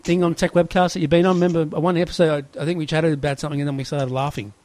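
A man's voice: a little high, flat delivery, racing, darkish tone. A man with an Australian accent hosting a podcast in casual, chatty talk, often saying mate. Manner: chatty, laughs easily, says mate a lot. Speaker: podcast host. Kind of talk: casual chat.

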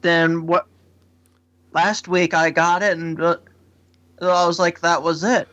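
A man co-hosts a casual podcast in a fairly high voice, his sound a little muffled. He tells his stories haltingly, one loose bit at a time. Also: little pitch movement, fairly bright tone. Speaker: podcast co-host.

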